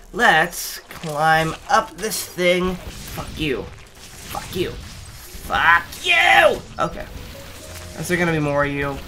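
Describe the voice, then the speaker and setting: An exasperated gamer narrates a platform game, swearing constantly and breaking into yells at each failure. The voice is bright and lively in pitch, swinging widely, while the talk itself comes at an unhurried pace. Faint game music plays underneath. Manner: exasperated, swearing often, outbursts of yelling. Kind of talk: let's play commentary.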